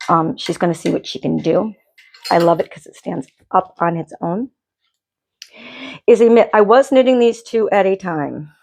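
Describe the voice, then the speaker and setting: This knitting podcast host talks in a lowish voice with vocal fry, at a normal pace. She rambles casually from her home dye studio, frequently starting her sentences over.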